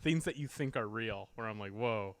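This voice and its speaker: A man co-hosting a podcast in casual chat, reacting quickly and adding teasing asides. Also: on the low side, fairly bright tone, dry recording, clean studio sound. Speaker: podcast co-host.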